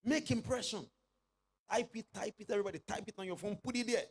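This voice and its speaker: A middle-aged man preaching a sermon as pastor, leading the congregation in call-and-response and rising to shouted exclamations. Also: high voice, fairly even intonation, racing, husky.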